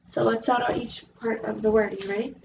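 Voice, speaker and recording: A woman's voice: fairly high pitch, fairly even intonation, gravelly, highs cut off, background noise. Patient woman tutoring a child. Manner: patient, encouraging, sounds out letters slowly. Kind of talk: reading lesson with a young child. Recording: echoey room recording.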